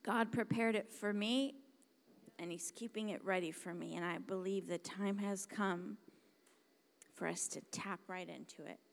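A woman preaching a sermon, dramatic and emphatic, dropping to hushed whispers and then rising to loud exclamations. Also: medium pitch, steady tone, measured pace, gravelly. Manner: emphatic, repeats words for stress.

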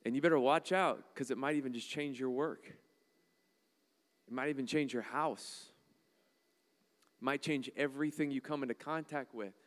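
Joking preacher in a reverberant hall. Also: male voice, mid-range voice, normal speed, long pauses. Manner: animated, joking, acts out voices. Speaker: pastor. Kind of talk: sermon.

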